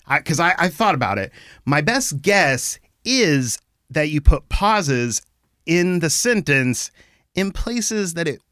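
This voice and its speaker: Male interview host, somewhat high pitch, dry studio sound, eager and upbeat. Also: sing-song, takes it slowly, sharp tone, no room sound. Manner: eager, upbeat questioner, laughs along. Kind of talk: casual interview chat.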